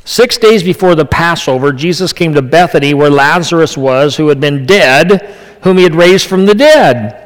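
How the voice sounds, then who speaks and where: A man preaches a sermon in a casual, conversational way, dropping into quiet asides and then building to emphatic, raised lines. His voice sits a bit high for a man. The sound carries a long reverb, like a large church hall. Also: normal speed. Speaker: pastor.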